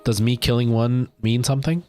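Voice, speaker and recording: A man's voice: mid-range voice, a little fast, faint music behind. A young man streaming a game live, chatting with his viewers and yelping in panic when attacked. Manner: chatty, jumps to loud panicked yelps in fights. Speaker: livestreaming gamer.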